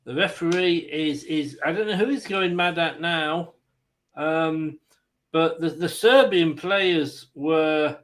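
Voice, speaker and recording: A man with a notably high voice commentates a live football match for fellow fans. He is excitable and quick to laugh. His delivery is casual and chatty. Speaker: watchalong host.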